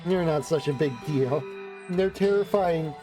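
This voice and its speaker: A streamer voicing a tempting shadowy demon in a visual novel, speaking in a low murmur with slow, sneering persuasion. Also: male voice, over music, natural voice. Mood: coaxing. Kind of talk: reading a game's dialogue aloud on stream.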